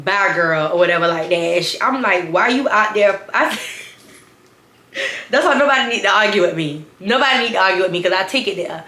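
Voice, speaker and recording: Woman, twenties, sassy storytime, animated, bright voice, echoey room. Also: medium pitch, moderate pace. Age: 20s. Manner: animated, sassy, talks straight to viewers. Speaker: storytime vlogger. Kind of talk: casual storytime.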